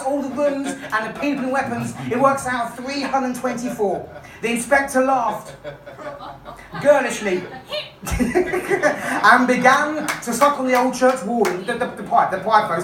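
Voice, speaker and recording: A woman magician and comedian telling a comic story to a live audience, playful and coaxing a volunteer along. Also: high-pitched. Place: comedy club stage. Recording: echoey room, voice from far off.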